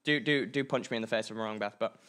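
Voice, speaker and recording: A man's voice: fairly low pitch, fast, fairly bright tone, clear, resonant tone. Young man, student show host, casual chat, joking, calls out to the crew. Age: young adult. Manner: chatty, joking, directs the crew. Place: hot student studio.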